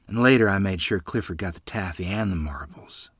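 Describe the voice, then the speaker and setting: A man's voice: fairly low pitch, very animated, brisk, hardly any pauses, bright, forceful tone, no room sound, studio quality. A man reading a rural family memoir aloud as storyteller, voicing the people in it.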